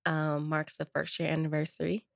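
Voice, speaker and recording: A woman's voice: deep voice, monotone, moderate pace, vocal fry, no room sound, studio quality. A woman co-hosting a podcast, chatting casually and telling stories with quoted voices. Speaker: podcast co-host.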